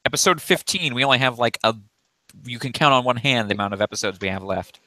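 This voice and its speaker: A man chatting casually on a podcast, lively, laughing often and throwing in quick asides. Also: mid-range voice, no echo.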